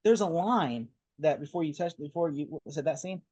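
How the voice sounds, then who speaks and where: A man co-hosting a casual movie talk, excitedly retelling scenes in a rambling way. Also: fairly high pitch, normal speed, slightly rough, muffled recording. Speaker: podcast co-host.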